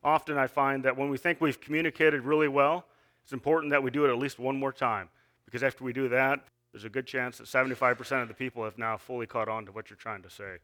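Man, sermon, bright voice, earnest, conversational preaching with restarts. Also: medium pitch, steady tone, quick pace. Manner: earnest, with frequent fillers and restarts, reading scripture aloud. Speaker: lay preacher.

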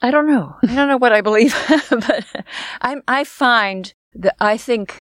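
A woman's voice: fairly high pitch, measured pace, no echo, clean studio sound. Wry older woman podcast co-host. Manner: wry, self-mocking humor. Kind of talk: casual chat.

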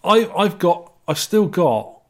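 A man's voice: high-pitched, big pitch swings, slow. A man with a Dorset accent co-hosting a podcast, joking around and reading out listener messages in casual chat. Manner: jokey, banters and reads listener messages. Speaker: podcast co-host.

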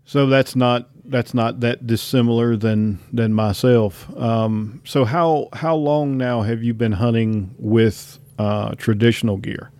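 A man's voice: mid-range voice, steady tone, slow, hardly any pauses, a little mellow, no echo. A man with a Southern US accent hosting a casual interview, chatty and rambling with many restarts. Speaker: podcast host.

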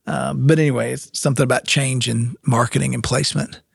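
A man's voice: medium pitch, steady tone, a little fast, vocal fry, husky, no echo, studio quality. A man co-hosting a podcast, telling a rambling story in casual chat. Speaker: podcast co-host.

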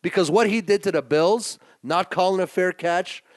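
A man co-hosting a casual sports betting podcast, swearing and emphatic, swinging between low mutters and excited outbursts. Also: moderate pace, dry recording, clean studio sound. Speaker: podcast co-host.

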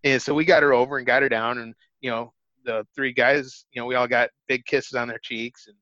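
A man's voice: mid-range voice, steady tone, brisk, sharp tone, no echo. A man, an interview guest, telling a story in casual, earnest talk, often restarting his phrases. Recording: dull, dry lo-fi recording.

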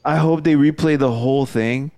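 A man's voice: a little high, moderate pace, warm tone, dry recording. Young male podcast co-host, easygoing, laughs a lot, dry room. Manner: laid-back, laughs often, swears. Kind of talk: casual chat.

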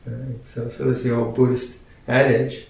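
Older male teacher in his 60s, mellow tone, unhurried dharma talk, picked up from far off in a big echoey room. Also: flat delivery, gravelly. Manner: unhurried, halting, gently humorous. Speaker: Buddhist teacher. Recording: very echoey room, mic at a distance, faint rumble.

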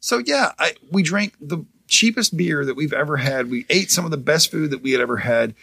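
A man's voice: a little high, expressive, fairly quick, creaky, pushed and bright, husky, dry recording. A young man co-hosting a podcast, telling a travel story in casual, profane chat, laughing often. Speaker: podcast co-host.

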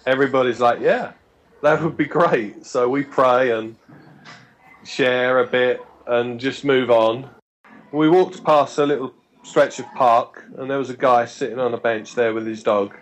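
A man spins a lengthy tale on a podcast, chatty and stop-start, often restarting phrases and doing quick impressions of those he quotes. His pitch is ordinary mid-range, his tone steady, and his pace a little slow. Recording quality is rough.

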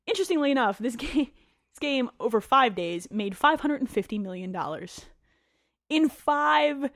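A woman's voice: high-pitched, lively intonation, moderate pace, a bit bright, no room sound. Joking woman podcast host, dry close sound. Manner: joking, sarcastic, swears casually. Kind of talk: casual chat about gaming news.

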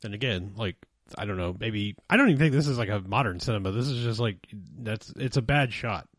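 A man's voice: on the low side, animated, brisk, a bit bright, dry recording, studio quality. A man co-hosting a podcast, talking about a film in a rambling, hesitant way with many restarts. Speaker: podcast co-host. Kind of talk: casual film discussion.

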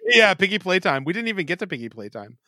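A man's voice: high voice, big pitch swings, quick pace, pushed and bright, no room sound, studio quality. A man co-hosting a podcast with a stuffy nose, joking and swearing in casual crude banter. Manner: laughing, joking, swearing a lot. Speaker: podcast co-host.

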